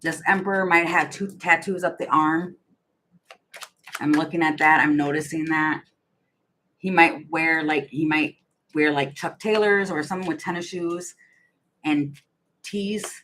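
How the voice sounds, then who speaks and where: Musing low-voiced woman reading tarot. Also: fairly even intonation, a little slow, long pauses, a bit bright, a little hiss or hum, poor audio. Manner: musing, hesitant, restarts often, giggly. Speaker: tarot reader. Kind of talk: casual tarot reading monologue.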